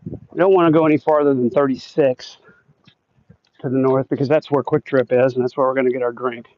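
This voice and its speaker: A man's voice: medium pitch, steady tone, fairly quick, darkish tone. A man hosting a casual livestream while walking outdoors through a neighborhood, chatting and reading viewer comments aloud. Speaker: livestream host. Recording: dull lo-fi sound, dry.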